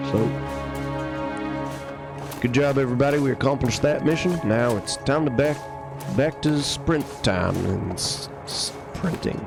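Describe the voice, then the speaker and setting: A man's voice: medium pitch, measured pace, vocal fry, long pauses, music in the background. A man giving casual gameplay commentary on a live stream, wry and joking as he plays. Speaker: game streamer.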